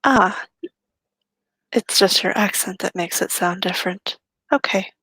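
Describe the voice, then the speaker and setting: Gravelly-voiced woman, dry close sound. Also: mid-range voice, measured pace, a bit bright, no echo, low-quality recording. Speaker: tabletop role-play player. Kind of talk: in-character role-play.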